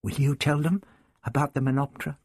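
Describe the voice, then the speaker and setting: A man's voice: mid-range voice, steady tone, fairly quick, darkish tone, husky, dry recording. A man voicing an anxious young girl who pleads with her older companion. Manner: pleading, worried.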